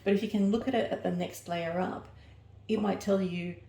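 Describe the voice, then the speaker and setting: A woman's voice: medium pitch, fairly even intonation, moderate pace, creaky, warm tone, reverberant, a little hiss or hum. A woman giving an oracle card reading, rambling and searching for her words as she corrects herself mid-sentence. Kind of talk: personal oracle reading to camera.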